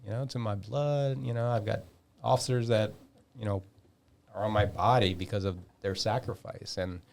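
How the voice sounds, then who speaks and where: A man in his fifties telling a long story in a casual podcast chat, animated, swearing freely and acting out the dialogue. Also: on the low side, normal speed, creaky, a little hiss or hum. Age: 50s. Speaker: podcast guest.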